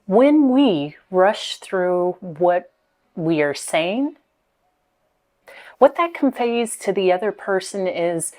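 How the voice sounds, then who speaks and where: A woman speaking coach giving motivational speaking tips, deliberate, pausing often and repeating key words. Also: fairly low pitch, animated, darkish tone.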